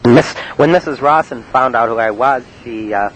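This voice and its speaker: A man from Cleveland telling about his prank calls in a halting, rambling monologue full of uh and um. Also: medium pitch, fairly bright tone, rough recording. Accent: Cleveland, Ohio. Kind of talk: rambling spoken-word monologue. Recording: faint hiss on an old cassette tape.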